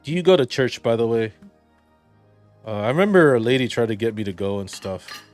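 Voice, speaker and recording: A man's voice: mid-range voice, expressive, fairly quick, a little mellow, soft background music. A man giving rambling, jokey let's play commentary and reading the game's dialogue aloud. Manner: rambling, jokey, reads game text aloud. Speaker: gaming video commentator.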